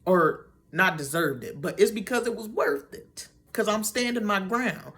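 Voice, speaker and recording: A young woman vlogger telling a story about a dream in a chatty, animated way, with many fillers and restarts. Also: mid-range voice, a little slow. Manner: acts out her own and others' lines in quotes.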